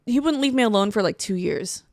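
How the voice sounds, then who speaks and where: A young woman in her twenties, co-hosting a casual chat and telling a profane, animated story with acted-out quotes. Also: on the high side, brisk, no room sound, studio quality. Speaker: co-host.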